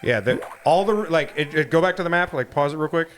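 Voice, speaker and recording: A man's voice: fairly high pitch, fairly quick, fairly bright tone, slight background noise. A man co-hosting a let's play, casually explaining the game's history and mechanics to a friend. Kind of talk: casual gaming commentary. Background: game music.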